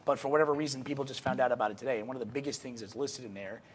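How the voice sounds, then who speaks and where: A man with a mid-range voice explains things in a measured, thinking-aloud way during a casual podcast chat. A faint hiss and some room ambience sit behind his voice. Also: medium pitch. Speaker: podcast co-host.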